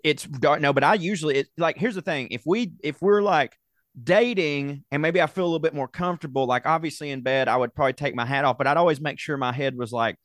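Man, 30s, podcast co-host, profane animated storyteller, dry booth sound. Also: fairly high pitch, quick pace, no echo. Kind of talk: casual comedic chat.

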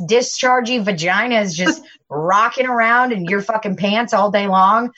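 Crude, animated woman telling stories. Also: mid-range voice, moderate pace, hardly any pauses, muffled recording. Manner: crude, animated storytelling with laughs and acted-out quotes. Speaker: restaurant worker telling stories. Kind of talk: casual chat among friends. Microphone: phone.

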